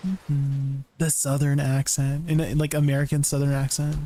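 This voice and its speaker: A man's voice: a little high, level tone, normal speed, warm tone, faint music behind. Chatty laughing man streamer. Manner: chatty, laughs often, answers chat questions. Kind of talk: casual live-stream chat with viewers.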